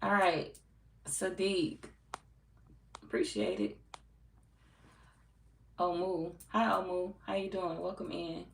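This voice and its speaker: A woman's voice: fairly low pitch, takes it slowly, vocal fry, pauses often. A woman from St. Louis with a local accent, a tarot reader chatting casually and bluntly with her live chat, cursing and laughing often. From St. Louis, US Midwest. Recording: echoey room, distant mic, faint noise.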